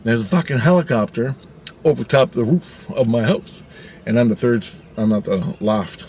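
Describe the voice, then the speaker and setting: A man telling a story to camera in a casual, profane, animated way, laughing often. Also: mid-range voice, normal speed, slight background noise. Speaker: channel host.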